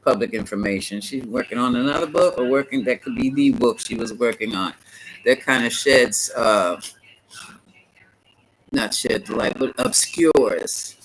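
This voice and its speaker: A man giving a live-stream tarot reading, chatty and animated, talking back to viewers and laughing often. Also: mid-range voice, moderate pace, a little hiss or hum, rough recording. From United States. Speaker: tarot reader.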